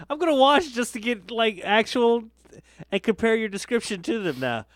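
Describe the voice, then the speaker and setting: A man's voice: very high voice, expressive, moderate pace, dry recording. A man co-hosting a casual podcast, wisecracking, swearing and reacting with disbelief. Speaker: podcast co-host. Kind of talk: casual chat.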